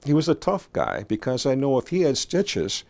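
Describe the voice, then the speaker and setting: A man's voice: mid-range voice, huge pitch swings, normal speed, creaky, a little mellow. A man reflects earnestly in a documentary interview.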